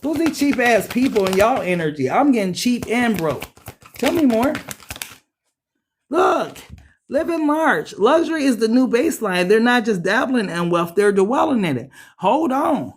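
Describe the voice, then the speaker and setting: A woman giving a casual tarot reading, talking straight to viewers in a blunt, profane way that jumps into high, excited bursts. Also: moderate pace, hardly any pauses, slightly rough. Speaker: tarot reader.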